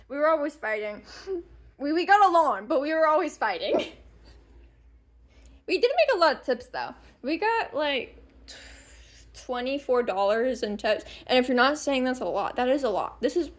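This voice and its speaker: A young woman in her late teens telling a rambling storytime vlog, laughing often and swearing casually. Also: high voice. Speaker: vlogger.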